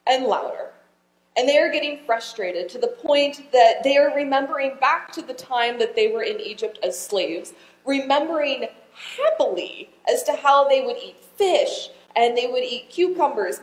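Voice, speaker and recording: A woman's voice: high voice, roomy sound, low-quality recording. A woman pastor giving a conversational sermon, asking her congregation questions as she retells a scripture story.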